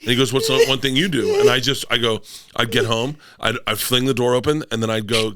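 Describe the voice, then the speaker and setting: A man's voice: medium pitch, steady tone, fast, sharp tone, no room sound. Rambling, storytelling man on a dry mic. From Florida, US. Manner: rambling storyteller, acts out quotes in bursts. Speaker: comedian guest. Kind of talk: casual podcast chat.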